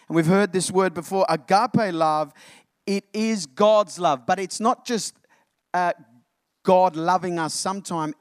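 A male pastor with a slightly raised pitch delivers an animated sermon, repeatedly calling out to his congregation. The sound is dry and close, with little room echo. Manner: animated preaching, addressing the congregation as church.

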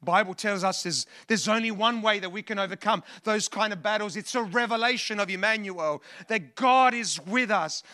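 A man's voice: high-pitched, pushed and bright. A man preaching a sermon in a church, often restarting phrases and calling on the congregation to respond. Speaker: pastor.

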